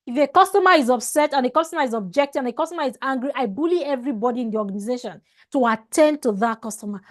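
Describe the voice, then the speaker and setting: A woman with a high voice teaching a customer service class over a video call. She talks emphatically, repeats and restarts her phrases, and often stops to ask "All right?". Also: rapid-fire. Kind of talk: online training lecture.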